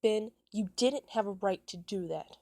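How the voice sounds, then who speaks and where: A woman's voice: lowish voice, steady tone, a little slow, warm tone, breathy edge, dry recording. A woman doing a sullen, hot-tempered young killer. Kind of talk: amateur fan story reading.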